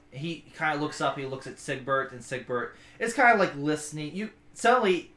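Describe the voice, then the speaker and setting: A man narrating a tabletop game as game master, telling it in an animated way with plenty of fillers, in an echoey room. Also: fairly high pitch, fairly quick, hardly any pauses, a little hiss or hum.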